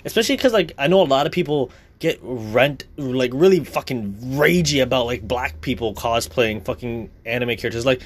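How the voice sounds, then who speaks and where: A man's voice: mid-range voice, animated, normal speed, few pauses. Young man, casual rant, profane, blunt, fired-up.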